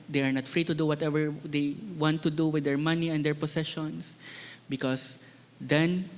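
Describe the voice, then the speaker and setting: A man's voice: fairly high pitch, clear, resonant tone, big-room sound. A man with a Filipino accent preaching a sermon as a pastor, earnest and repeating words for emphasis. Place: church.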